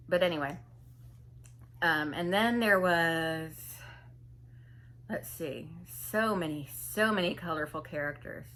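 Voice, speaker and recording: A woman's voice: fairly low pitch, takes it slowly, long pauses, fairly bright tone. A woman vlogger telling a story casually and animatedly, imitating people and laughing often.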